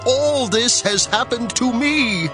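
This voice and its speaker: An actor playing an aged, grieving father in a dramatized scripture reading, with a slow, sorrowful delivery. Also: extremely high pitch, animated, heavily acted. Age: older. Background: backing music.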